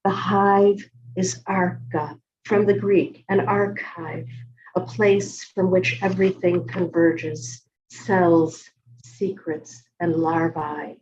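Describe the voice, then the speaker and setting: A woman poet reading her poems aloud in a slow, measured recitation. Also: fairly low pitch, fairly even intonation, darkish tone, dull audio. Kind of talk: poetry reading.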